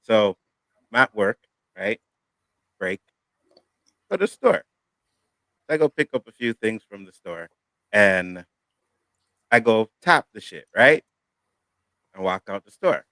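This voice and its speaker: A man's voice: on the low side, slow, long pauses, dry recording. A man hosting a casual panel talk show, telling a long story in a profane, worked-up way. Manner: profane, animated storytelling rant. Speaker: show host.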